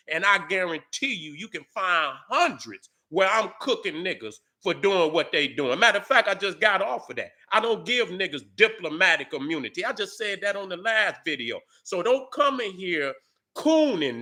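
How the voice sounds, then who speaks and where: Middle-aged male vlogger, angry profane rant, high bright edgy voice, shouts. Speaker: YouTube commentator. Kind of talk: heated commentary to viewers.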